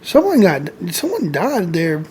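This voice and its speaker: A man's voice: high voice, wildly swooping pitch, measured pace, a little mellow, a little hiss or hum. A man hosting a podcast who talks in a casual, hesitant way and trails off mid-sentence. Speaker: podcast host. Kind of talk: casual chat.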